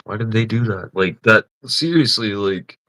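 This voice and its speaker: A man's voice: on the low side, expressive, normal speed, pushed and bright, no echo, rough recording. A man chatting casually on a livestream, often swearing, laughing and teasing. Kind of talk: casual live-stream chat.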